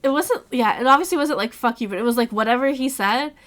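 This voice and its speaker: This book club host talks fast in a slightly high voice. In a casual chat, she rehashes the story with animated retellings, quoting lines and cursing freely.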